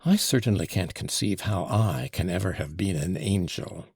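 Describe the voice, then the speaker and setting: A fawning, mocking devil dressed up as a shabby gentleman, put on by a man reading an audiobook. His voice sits higher than the reader's own, with gravelly creak and a husky edge. It flits between sly courtesy and little French flourishes, all recorded dry and close. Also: moderate pace, dry recording, full character voice.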